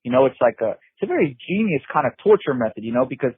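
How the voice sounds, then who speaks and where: Man, middle-aged, emphatic, repetitive, husky, dry phone-line sound. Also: medium pitch, big pitch swings, quick pace, no echo. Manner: emphatic, repetitive, frequent "you know" and restarts. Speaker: interview guest. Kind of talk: intense personal recollection.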